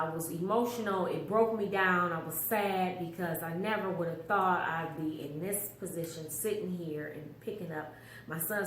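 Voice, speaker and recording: A middle-aged mother giving an earnest, emotional personal testimony, often quoting the voices she heard. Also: lowish voice. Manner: emotional, earnest storytelling with quoted inner voices. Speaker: mother telling a personal story. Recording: roomy echo with faint background hum.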